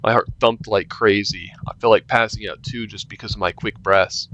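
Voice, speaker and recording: A man's voice: on the low side, steady tone, moderate pace, a bit bright, muffled recording, slight background noise. A young man reading a story game aloud and reacting casually, joking and swearing between lines. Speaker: gaming youtuber.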